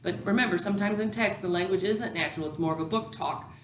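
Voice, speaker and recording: A woman's voice: mid-range voice, fast talker, reverberant, slight background noise. A woman teacher educator giving a recorded lecture, explaining patiently with many ums and restarts.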